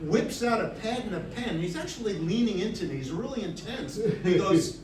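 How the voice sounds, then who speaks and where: A middle-aged man telling a comic personal story on stage, wry and animated, with the audience laughing. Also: high voice, normal speed, crowd noise. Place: stage before a live audience. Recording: echoey room, distant mic, audience.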